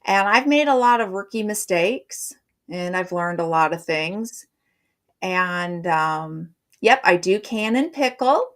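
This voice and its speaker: A woman's voice: on the low side, lively intonation, takes it slowly, fairly bright tone. A middle-aged woman hosting a live stream, chatting casually and rambling in a friendly way.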